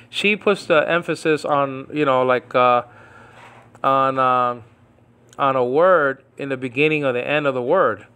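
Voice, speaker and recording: A man from New York teaching a casual Greek Bible lesson at home, rambling and slowly repeating Greek words. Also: medium pitch, bright, forceful tone, clean tone.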